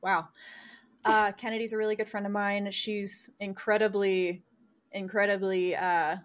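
A woman's voice: medium pitch, steady tone, moderate pace. Bubbly chatty young woman guest. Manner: bubbly, chatty, laughs often, self-deprecating. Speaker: podcast guest. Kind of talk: casual chat.

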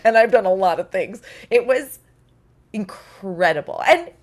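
A woman voice actor chatting casually, telling lively stories and mimicking the people she quotes. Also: mid-range voice, unhurried. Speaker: podcast guest, voice actor. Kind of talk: casual chat. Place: recording studio.

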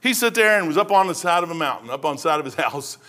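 Bright, high-voiced folksy preacher man. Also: animated, fast. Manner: folksy, conversational preaching with slang and asides. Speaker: pastor. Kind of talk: sermon.

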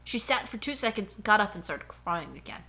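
A woman's voice: mid-range voice, lively intonation, moderate pace, bright, forceful tone. A woman co-hosting a casual podcast at home, ranting animatedly about her day and her dogs. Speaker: podcast co-host. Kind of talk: casual chat. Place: home living room.

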